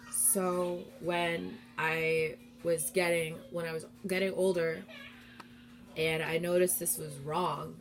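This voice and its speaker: A woman's voice: low voice, slight background noise. A young adult woman hosting a live stream, talking candidly and heartfelt in a rambling, casual way.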